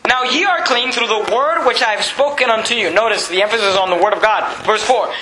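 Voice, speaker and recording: Preacher guy, high sharp voice, roomy church echo, lil background hiss, keeps hammering the same lines. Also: fast talker, hardly any pauses. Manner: animated preaching, rising emphatic repetition. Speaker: pastor. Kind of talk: sermon.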